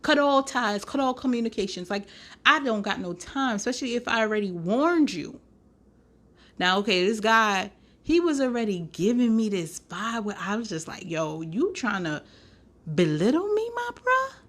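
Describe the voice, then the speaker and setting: A woman's voice: on the high side, moderate pace. Sassy woman telling a story, slangy. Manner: sassy, animated, laughs often, slangy. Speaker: podcast host. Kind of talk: casual storytelling.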